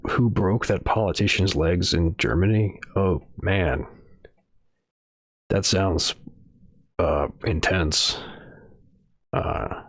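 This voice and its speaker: A man with a low voice drifts through casual stream commentary, hedging, swearing and trailing off into fillers. His voice is close and dry, recorded at a desk mic in a small home room. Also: dry recording. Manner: rambling, profane, hedging with fillers. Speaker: streamer reading news.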